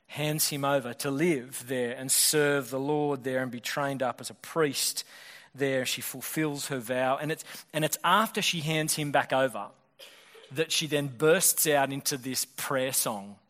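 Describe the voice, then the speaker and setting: Male pastor, fast conversational sermon, mid-pitched voice, long hall reverb. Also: a bit bright. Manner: fast, conversational preaching with frequent restarts.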